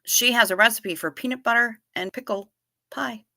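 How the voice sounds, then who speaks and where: A woman hosts a relaxed livestream, reading chat aloud and firing back blunt, salty replies. Her voice is bright and punchy. The sound is dry and close, with no room echo. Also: fairly high pitch. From United States. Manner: blunt, salty, quick to tease. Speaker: livestream host.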